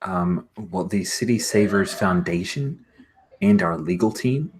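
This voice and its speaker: A man's voice: sits low, lively intonation, measured pace, darkish tone, a little hiss or hum. A man voicing a cocky female superhero who talks down to people in a sing-song way. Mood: smug.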